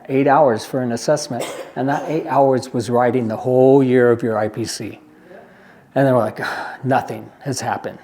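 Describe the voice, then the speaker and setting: A man's voice: medium pitch, warm tone. A man giving an informal briefing at an agency meeting, talking plainly, repeating his points and checking in with the room. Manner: conversational, repeats points, asks the room for questions. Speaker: presenter at a care agency meeting.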